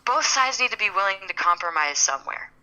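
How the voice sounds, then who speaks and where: A woman's voice: mid-range voice, lively intonation, fairly quick, sharp tone, smooth, poor audio. A young adult woman co-hosting a casual podcast chat, talking in a rambling way and stammering now and then as she looks for words. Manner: chatty, rambling, stammers when searching for words. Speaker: podcast co-host.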